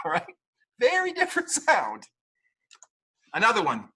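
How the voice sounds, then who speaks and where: A husky-voiced man gives a classroom lecture on English pronunciation, his tone bright and edgy. He swings his pitch all over as he teaches, playful and animated. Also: normal speed, pauses often. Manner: lively, playful, mimics mistakes and laughs often.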